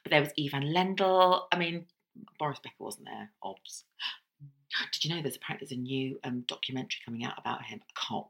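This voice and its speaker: A woman co-hosting a podcast, chatting casually with playful teasing and excited gasps. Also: extremely low pitch, a little fast, vocal fry. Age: younger than co-host. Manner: enthusiastic, gasping, playful teasing. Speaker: podcast co-host. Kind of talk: casual chat.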